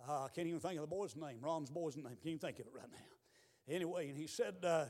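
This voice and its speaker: A man preaching a revival sermon in a church, moving between quiet storytelling and shouted exhortation. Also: on the high side, brisk. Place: church building.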